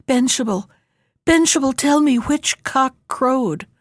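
A frightened young girl who begs and trembles, as a woman reads her part in a fairy tale. Her high, pleading voice sounds close and dry. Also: lively intonation, takes it slowly, no echo, heavily acted.

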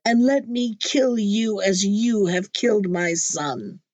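A woman reading a storybook, voicing a merciless male genie in a slow, grim, deliberate way. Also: mid-range voice, lively intonation, a little mellow, no room sound. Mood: menacing.

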